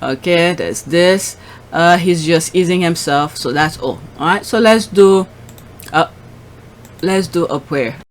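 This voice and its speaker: A woman's voice: lowish voice, a little slow. A woman hosting her channel, giving casual commentary on clips and posts. She reacts aloud as she scrolls. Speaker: channel host.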